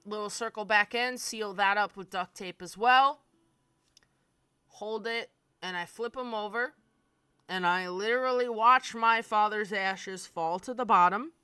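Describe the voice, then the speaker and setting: A woman's voice: medium pitch, slow pace, long pauses, bright, forceful tone, smooth, no echo. A woman in her twenties telling a personal story in a candid, darkly funny way, swearing freely. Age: 20s. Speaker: streamer. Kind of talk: casual storytelling.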